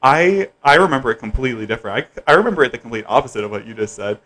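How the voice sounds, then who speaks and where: Lively young male podcast host. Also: medium pitch, racing. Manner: animated, laughs often, says "like" a lot. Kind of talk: casual chat.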